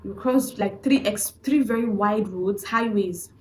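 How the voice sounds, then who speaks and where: A man's voice: sits high, measured pace, darkish tone, a little hiss or hum. A woman voicing a brusque male bus driver who speaks in a Nigerian accent, impatient and dismissive.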